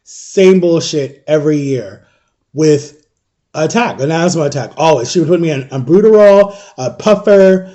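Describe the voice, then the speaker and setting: Measured in pace, a little high and mellow, this voice comes through with its highs cut off. It belongs to a vlogger in his thirties who eats as he tells a long, casual, rambling personal story, peppered with fillers and spoken to viewers as "guys."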